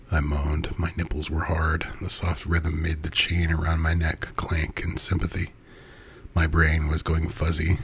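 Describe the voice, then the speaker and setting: A man reads an intimate first-person erotic story in a soft, breathy delivery that often sinks to a half-whisper. His voice is very deep and stays flat and even throughout. A faint noise sits in the background. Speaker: narrator.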